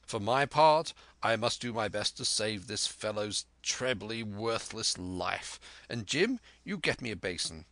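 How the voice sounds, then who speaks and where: A man's voice: on the low side, animated, unhurried, hardly any pauses, fairly bright tone, no echo. A man doing a brusque stern doctor. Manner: brusque and commanding. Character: brisk stern male country doctor.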